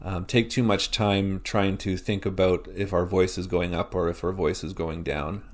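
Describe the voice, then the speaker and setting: A Canadian man teaching a recorded lesson, explaining slowly and deliberately with example words. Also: sits low, fairly even intonation.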